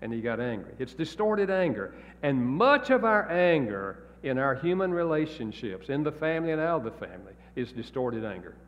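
A man's voice: mid-range voice, sing-song, moderate pace, hardly any pauses. A married man preaching a sermon in a folksy, plain-spoken storytelling way. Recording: echoey hall, dull lo-fi sound.

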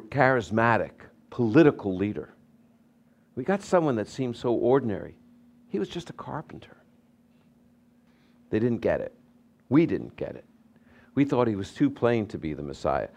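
A pastor preaching a sermon, telling stories with lively swings between loud emphasis and soft asides. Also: male voice, medium pitch.

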